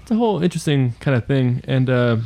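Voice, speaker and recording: A man's voice: medium pitch, animated, fast, gravelly, mellow. A man co-hosting a podcast in casual chat, rambling and trailing off, laughing often. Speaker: podcast co-host.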